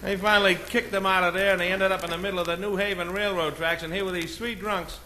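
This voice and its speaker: A man's voice: level tone, bright, forceful tone. A comedian from Boston with a Boston accent, telling a string of stand-up jokes and punchlines, raising his voice when he plays the characters. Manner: brisk storytelling with punchlines, voices the characters with a raised pitch. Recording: old comedy record with a noisy background.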